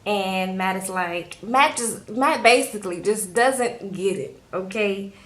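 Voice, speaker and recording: A woman's voice: medium pitch, slow, rough recording. A woman vlogger recapping a reality show in a chatty, filler-heavy way, talking straight to her viewers from a room at home. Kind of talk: casual TV recap.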